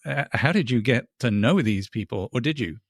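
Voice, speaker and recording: Male podcast host, mid-pitched, curious, winding questions, dry close sound. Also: expressive, moderate pace, no echo. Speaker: interviewer. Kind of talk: podcast interview.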